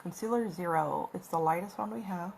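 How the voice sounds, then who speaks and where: A woman's voice: lowish voice, brisk, gravelly, darkish tone, slight background noise. Chatty woman doing a makeup tutorial. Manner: rambling, chatty, talks while applying makeup. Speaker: makeup vlogger. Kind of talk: casual makeup tutorial chat. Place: at home with her cat. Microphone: phone camera.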